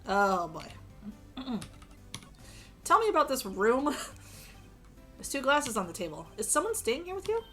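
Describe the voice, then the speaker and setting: A woman's voice: high voice, very animated, unhurried, pauses often, pushed and bright, faint music behind. A woman streaming a game, reading the dialogue aloud with joking, crude asides and a strained voice.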